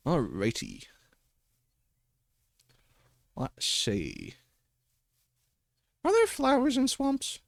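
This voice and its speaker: A man's voice: a little high, huge pitch swings, slow pace, creaky, long pauses, no room sound, studio quality. A man livestreaming a game in casual commentary, chatty and talking to himself and his pets, swearing and laughing often at a desk microphone.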